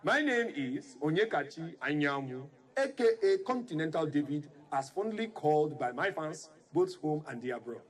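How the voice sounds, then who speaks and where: A man's voice: a little high, animated, normal speed, hardly any pauses, close to an everyday voice. A man playing a boastful Nigerian party MC. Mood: showy. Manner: playful, teasing, grand announcer delivery. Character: showy male party MC, playful and boastful. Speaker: master of ceremonies. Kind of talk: film drama acting.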